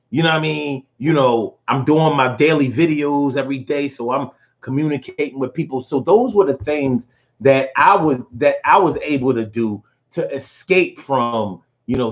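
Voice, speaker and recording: A man with a mid-range voice hosts a casual live stream, recorded with a muffled sound. He tells personal stories in an animated way, full of profanity and emotion.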